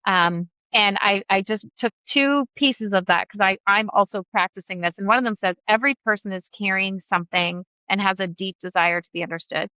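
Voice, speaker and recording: Guest woman, bright forceful voice, earnest and reflective, slightly dull remote audio. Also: medium pitch, clear, resonant tone, dry recording. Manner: earnest, reflective, shares personal examples. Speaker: guest facilitator. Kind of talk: conversational interview.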